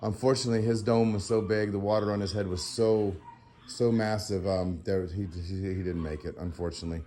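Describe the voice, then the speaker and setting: A tired animal sanctuary vlogger talks casually to the camera at home after a sleepless night, his voice on the low side, steady, and brisk, with slight background noise. He rambles with plenty of fillers and slips into soft baby talk with a puppy.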